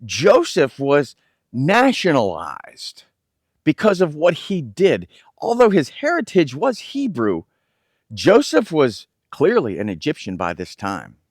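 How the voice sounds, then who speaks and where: A man's voice: on the high side, no echo, clean studio sound. A man teaching scripture in a conversational way, often stumbling over and repeating words as he explains. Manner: halting, repeats words and restarts phrases. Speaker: Bible teacher.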